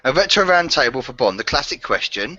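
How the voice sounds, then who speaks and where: A man co-hosting a casual group chat, briskly steering the talk. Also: mid-range voice, sing-song, crowd noise. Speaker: podcast co-host. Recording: dull dry lo-fi audio.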